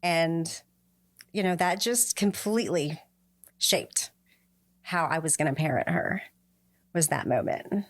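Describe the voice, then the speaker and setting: A middle-aged woman, guesting on a podcast, speaks slowly with long pauses while telling a personal story from the heart. When quoting others, she acts out their lines with a lifted pitch.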